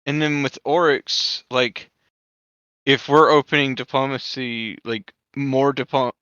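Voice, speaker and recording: Male player, bright and smooth voice, halting with restarts. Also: mid-range voice, level tone, no room sound, dull audio. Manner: halting, restarts, trips over words. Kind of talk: casual game table chat.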